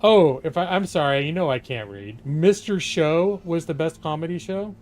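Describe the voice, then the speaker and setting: A man's voice: on the high side, lively intonation, normal speed, darkish tone. Chatty man rambling on a live stream. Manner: chatty, digressive storyteller with many fillers.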